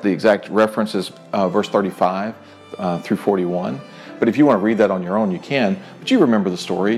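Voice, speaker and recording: A middle-aged man preaching in an earnest, conversational way, his voice sitting a little low. He springs up when acting out quoted lines. Soft instrumental music plays faintly behind him. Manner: earnest, conversational preaching with animated retold dialogue. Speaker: pastor. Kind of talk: sermon.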